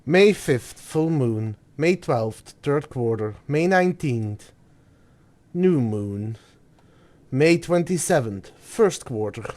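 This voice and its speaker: A man's voice: medium pitch, animated, takes it slowly, a little mellow. A man streaming a video game, reading in-game notes aloud and thinking through puzzles as he goes.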